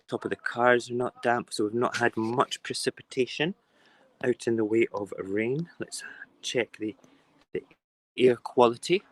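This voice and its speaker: Chatty man hosting a live stream. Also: medium pitch. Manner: chatty, rambling, talks to viewers while cooking. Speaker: live-stream morning show host. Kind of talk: casual live-stream chat.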